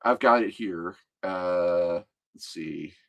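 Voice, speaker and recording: A man's voice: deep voice, slow, creaky, fairly bright tone, highs cut off. A man co-hosting a podcast, explaining lore at length and thinking aloud in casual talk. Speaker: podcast co-host.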